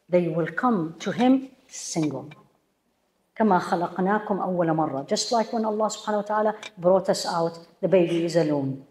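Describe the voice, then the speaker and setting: A woman's voice: mid-range voice, dark tone, echoey room. A woman teaching a religious lecture to a room of women, emphatic and full of rhetorical questions to her listeners. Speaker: Islamic teacher.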